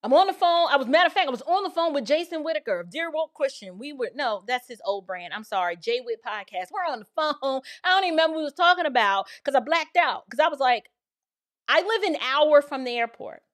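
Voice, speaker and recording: Animated woman telling a story. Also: high-pitched, fast talker. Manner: animated, quotes people in changed voices. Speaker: show host. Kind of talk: casual storytelling to viewers.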